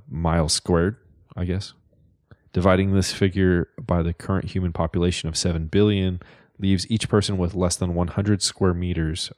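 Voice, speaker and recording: A man's voice: low voice, a little mellow, no room sound, clean studio sound. A young man co-hosting a casual podcast, joking and teasing, sometimes reading aloud from websites. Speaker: podcast co-host.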